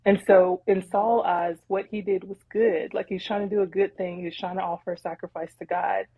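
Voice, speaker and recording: Woman cohost, kinda husky, lower voice, chatty and lively retelling a bible story, dry sound. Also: normal speed, no room sound, poor audio. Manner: animated, laughing storyteller. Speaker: podcast co-host.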